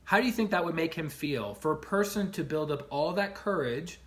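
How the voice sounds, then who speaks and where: A man on a casual livestream, retelling stories in an animated way and acting out the people in them, often checking in with the listener with "right?". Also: on the high side, fairly quick, a little hiss or hum. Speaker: life coach streaming to viewers.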